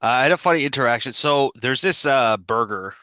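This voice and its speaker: On a casual podcast, a male co-host with a bright, forceful, mid-range voice rambles through an anecdote and is quick to laugh. His video-call mic sounds close and dry, with no echo or room sound.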